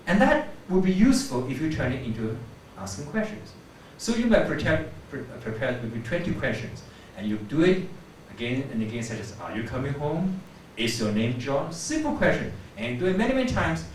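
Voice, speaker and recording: A man's voice: sits high, slight background noise. A man teaching English pronunciation in a classroom, demonstrating sounds by exaggerating vowels and rising question tones. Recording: echoey classroom, mic at a distance.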